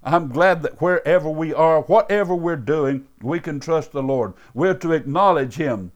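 A man's voice: fairly high pitch, moderate pace. A man, a pastor delivering a radio sermon in an earnest, fervent way, often saying uh and calling listeners beloved. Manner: earnest, fervent preaching with many uh fillers and repeated beloved.

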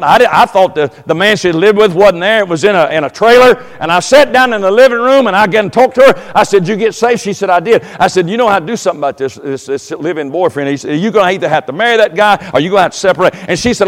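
A pastor preaches in a folksy, storytelling way, his voice sitting high for a man. He builds to loud, emphatic passages, and a long reverb from the church hall trails his words. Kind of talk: sermon. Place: church sanctuary.

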